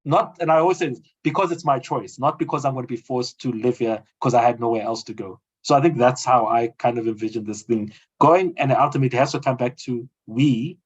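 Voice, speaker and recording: South African male guest, rhetorical and forceful in argument, mid-range pitch, muffled recording. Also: fairly quick, hardly any pauses, breathy edge. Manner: emphatic and rhetorical, acts out quoted voices. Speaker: guest commentator. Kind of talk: conversational argument. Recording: dull lo-fi audio.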